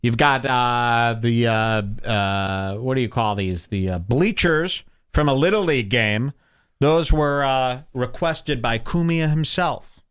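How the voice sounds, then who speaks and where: A man's voice: mid-range voice, unhurried, a bit bright, clear, resonant tone, no echo, clean studio sound. A middle-aged man hosting a podcast, giving crude comedic commentary and mocking people by putting on voices for them. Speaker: podcast host.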